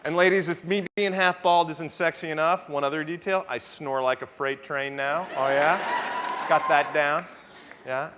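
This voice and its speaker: A man's voice: fairly high pitch, steady tone, normal speed, heavy background noise. A man in his thirties performing a stand-up routine on a club stage, with a wry, self-mocking, punchy delivery. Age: 30s. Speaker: stand-up comedian. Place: live comedy club stage. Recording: live club recording with roomy reverb and crowd. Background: audience laughter and applause.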